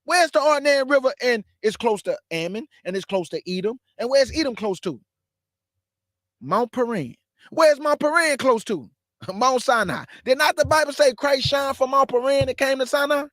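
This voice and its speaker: High-voiced fast-talking preacher man. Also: lively intonation, a bit bright, no room sound, studio quality. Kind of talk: live-streamed bible teaching.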